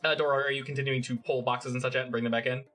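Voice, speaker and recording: A man running a tabletop game as game master, narrating in halting bursts with repeated words. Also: medium pitch, level tone, a bit bright, faint music behind.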